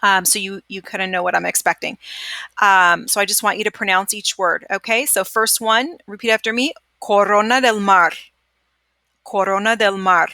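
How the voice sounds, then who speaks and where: A woman teacher records a screencast lesson into a computer microphone, her voice bright and forward in a dry, close sound. She talks casually with plenty of fillers and says each word slowly twice so students can repeat after her. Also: mid-range voice, fairly even intonation, vocal fry, no echo. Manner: chatty with many fillers. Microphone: computer microphone during screencast.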